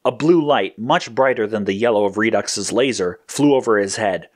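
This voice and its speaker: A man reading a scripted action story aloud in a steady, descriptive manner. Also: fairly low pitch, normal speed. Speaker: narrator.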